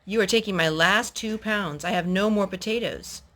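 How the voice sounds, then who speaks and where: A woman's voice: mid-range voice, moderate pace, a bit bright, natural voice. A woman reading aloud as a brusque, busy male grocer in a children's storybook, curt and matter-of-fact.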